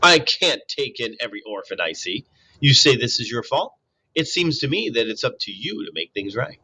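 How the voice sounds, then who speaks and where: Stern old mother goose as a man puts her on, brisk and scolding, bright, swinging pitch. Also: big pitch swings, a little hiss or hum, low-quality recording. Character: bossy old female gray goose, blunt and stern.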